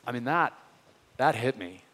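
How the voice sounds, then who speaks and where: A man's voice: mid-range voice, lively intonation, moderate pace, fairly bright tone. A man preaching a sermon as a pastor, earnest and conversational, pressing his points with rising questions. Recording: reverberant hall.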